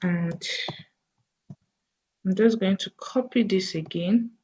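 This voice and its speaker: A woman teaching a coding lesson over a screen recording, thinking aloud slowly as she types. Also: mid-range voice, warm tone, slightly rough, dull audio. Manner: slow, thinking aloud while typing. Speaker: coding tutor.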